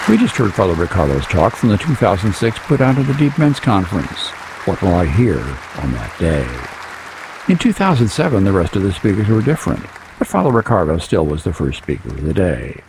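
Deep gravelly program announcer man. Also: sing-song, brisk, crowd noise, noisy background. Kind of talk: scripted introduction.

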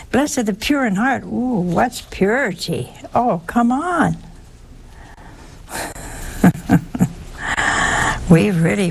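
A woman's voice: mid-range voice, gravelly, a little mellow, a little hiss or hum. A woman preaching a sermon in a folksy way, full of rhetorical questions and exclamations.

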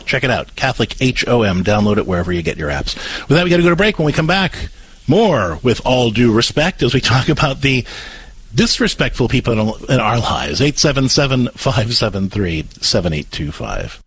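A man's voice: medium pitch, sing-song, brisk, fairly bright tone, husky, dry recording, rough recording. A man co-hosting a call-in advice radio show, coaching step by step and acting out example phrases. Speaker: radio co-host.

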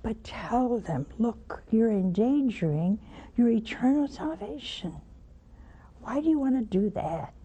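A woman's voice: on the high side, creaky, warm tone, dull audio. An older woman hosting a religious call-in show, preaching emphatically, scolding and mocking. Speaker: religious TV host taking calls.

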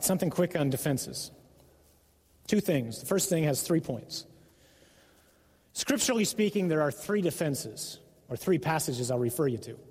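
Earnest male preacher, slightly high voice, echoey hall. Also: darkish tone, breathy edge. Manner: earnest, emphatic, acts out the devil's voice. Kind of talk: sermon.

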